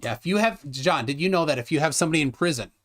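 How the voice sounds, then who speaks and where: A man hosting a casual live stream, joking and rambling with lively, laughing delivery. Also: on the high side, very fast. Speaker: livestream host. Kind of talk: casual livestream chat.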